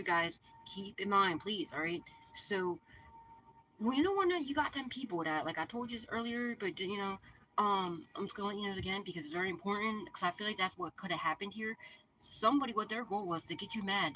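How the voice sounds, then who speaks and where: A woman's voice: mid-range voice, a bit bright, slight background noise, rough recording. A woman hosting her channel, giving viewers a casual, profane spiritual pep talk and repeating her reassurances over and over. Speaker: spiritual reader and channel host.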